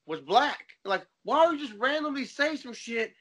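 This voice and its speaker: High-voiced rambling podcast host, a man. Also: animated, normal speed, fairly bright tone. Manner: rambling, loose storytelling. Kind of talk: casual chat.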